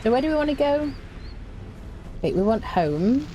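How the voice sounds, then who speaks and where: A woman's voice: sits high, big pitch swings, moderate pace, mellow, slight background noise. A woman streaming a survival game, talking casually and mocking herself, humming between remarks. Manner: chatty and self-mocking, hums to herself. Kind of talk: casual gameplay commentary.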